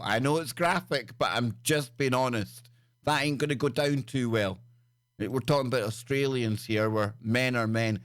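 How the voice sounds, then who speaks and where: A man's voice: mid-range voice, moderate pace, a bit bright, dry recording, studio quality. A man hosting a live stream, riffing crudely and jokily on odd news stories with stammered restarts. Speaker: show host.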